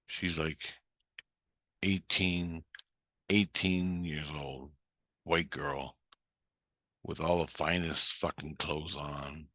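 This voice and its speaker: A man's voice: rumbling low, fairly even intonation, drawn-out words, pauses often, sharp tone, no echo, clean studio sound. A man telling a story in a blunt, heated way, swearing constantly. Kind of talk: casual storytelling.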